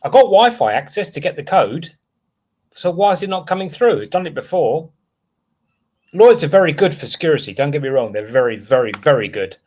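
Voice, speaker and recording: Here a male livestream host with a somewhat high, darkish voice talks briskly, his pitch swinging widely. The casual stream finds him ranting and rambling in frustration as he reads chat comments.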